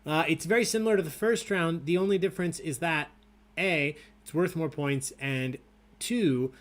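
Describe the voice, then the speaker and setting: A young man with a somewhat high voice hosts a live online trivia game. He reads the questions in a loose, casual way and keeps wandering into chatter and jokes. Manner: chatty, easily sidetracked, swears and laughs. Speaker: trivia host. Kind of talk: casual livestream trivia hosting.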